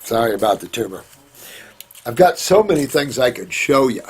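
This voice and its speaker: A man's voice: mid-range voice, big pitch swings, moderate pace, slight background noise. A middle-aged man hosting a casual question-and-answer session, talking in a rambling, folksy way and calling viewers sweetheart and honey. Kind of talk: casual live Q&A.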